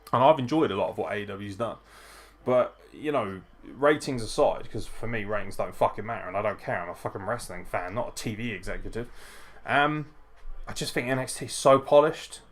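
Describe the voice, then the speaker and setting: A man hosting a live wrestling watchalong, tipsy, chatty and profane as he reacts and greets viewers. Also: lowish voice. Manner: profane, chatty, frequent swearing. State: tipsy from drinking. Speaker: wrestling podcast host.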